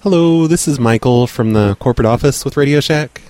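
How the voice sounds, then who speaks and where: A man posing as a caller from a corporate office, talking in a brisk, insistent, officious way. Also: medium pitch, a little mellow, pitched above the performer's own voice, close to an everyday voice. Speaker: prank caller.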